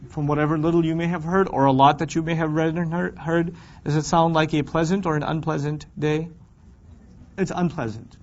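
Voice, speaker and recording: A man teaching a Quran class in a lively, conversational way, firing rhetorical questions at his students and acting out complaining voices. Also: fairly high pitch. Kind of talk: classroom lecture on scripture. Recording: dull lo-fi recording.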